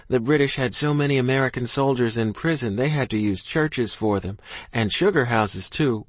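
A man's voice: medium pitch, no echo. A man narrating a first-person story in a folksy rural dialect. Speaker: audiobook narrator.

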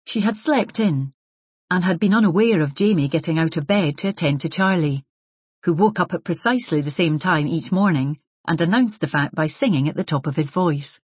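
A woman narrating a novel in a measured, even way. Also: on the low side, slightly rough, dry recording. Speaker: audiobook narrator. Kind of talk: scripted narration.

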